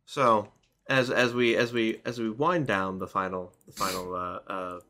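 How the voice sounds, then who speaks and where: A man's voice: lowish voice, steady tone, measured pace, pushed and bright, slight background noise. A man co-hosting a casual political chat, talking in a hesitant, easily amused way. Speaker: co-host.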